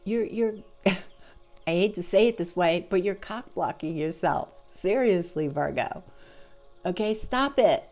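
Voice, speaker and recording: A woman's voice: on the low side, lively intonation, unhurried, a little mellow, soft background music. A woman doing a casual tarot reading for her channel, chatty and encouraging, asking herself questions and answering them. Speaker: tarot reader.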